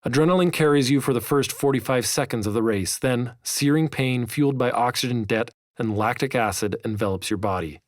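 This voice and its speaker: A man's voice: mid-range voice, dry recording. Man narrating a memoir, dry sound. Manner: measured, vivid storytelling. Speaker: author narrating his own audiobook.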